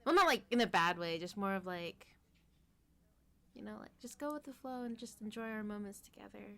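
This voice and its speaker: A woman guest in a casual podcast chat, rambling with many fillers and trailing off softly. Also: mid-range voice, expressive, fairly quick, a little hiss or hum. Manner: rambling, full of fillers, trailing into near-whispers.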